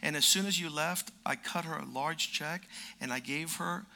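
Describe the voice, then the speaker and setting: A high, bright male voice with a gravelly edge, a preacher in his fifties telling a story from the pulpit. He acts out the other people's lines and climbs to forceful peaks before dropping low again. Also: moderate pace. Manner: storytelling, acts out quoted dialogue, rises to emphatic peaks. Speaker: preacher and lawyer. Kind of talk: sermon with personal story.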